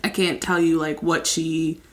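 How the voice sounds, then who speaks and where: A young woman hosting a podcast, with a fairly low speaking voice. She tells an emotional story candidly and slips into animated voices when she quotes people. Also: unhurried. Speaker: podcast host.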